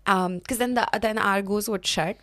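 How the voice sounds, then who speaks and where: A woman's voice: mid-range voice, moderate pace, a bit bright, no echo. Dry-sounding comedian woman, laughing chatter. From India. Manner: laughing, self-mocking storyteller. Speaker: comedian guest. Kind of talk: casual chat.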